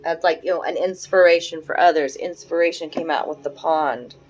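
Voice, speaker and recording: A woman in her forties giving a casual tarot reading, thinking aloud in a soft, musing way with frequent fillers. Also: low-pitched, brisk, poor audio. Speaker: tarot reader.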